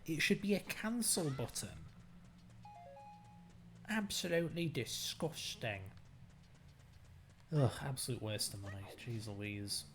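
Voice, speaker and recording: A young man chatting casually while streaming a game, animated and jokey, ranting and mocking himself. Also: medium pitch, moderate pace, few pauses. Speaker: stand-in streamer. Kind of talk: casual gameplay stream chat.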